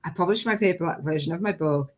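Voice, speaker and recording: A woman with a slightly low-pitched voice hosts a casual live stream as a business coach. She talks in a chatty, excitable way and breaks into bursts of cheering. She speaks to a webcam setup. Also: fast talker. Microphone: webcam setup with ring light.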